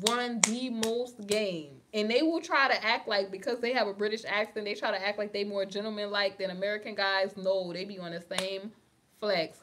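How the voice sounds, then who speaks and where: Against a noisy background, a young woman from New York hosts a casual livestream in a fairly high-pitched voice. With her New York accent, she reads viewer comments, laughs a lot, and talks in slang.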